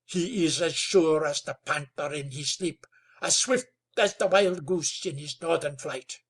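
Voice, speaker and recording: A proud old chief speaks slowly and calmly, with grave dignity, as the narrator puts him on. His voice is husky and unhurried, and every phrase comes out measured and solemn. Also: a little high. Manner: slow, calm, sonorous.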